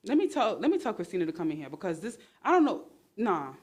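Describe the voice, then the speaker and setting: A woman hosting a casual livestream on her phone, talking in a sarcastic, exclamatory and animated way. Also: mid-range voice, quick pace, husky. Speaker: livestream host.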